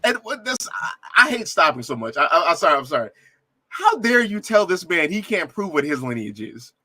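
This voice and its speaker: A man's voice: sits high, big pitch swings, moderate pace, bright, forceful tone, no echo. A man hosting a reaction video, commenting on a debate clip with indignant, laughing outbursts and stammered restarts.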